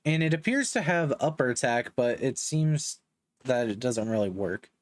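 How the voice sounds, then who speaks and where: A man's voice: mid-range voice, lively intonation, normal speed, no room sound. Joking young man recapping a manga. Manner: joking, slangy asides. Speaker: manga reviewer. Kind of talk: casual recap commentary.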